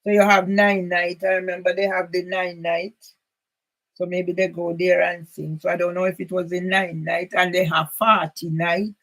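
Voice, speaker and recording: A woman's voice: fairly low pitch, little pitch movement, normal speed, fairly bright tone, rough recording. A woman from Jamaica with a Jamaican accent, talking in a rambling, emphatic personal monologue that drifts into patois. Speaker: channel host.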